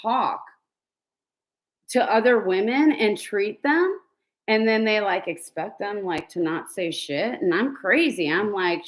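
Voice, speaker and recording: A woman's voice: mid-range voice, slow. A woman telling stories in a casual, rambling way, blunt and profane, with many fillers and laughs between lines. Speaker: vlogger. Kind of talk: casual storytelling.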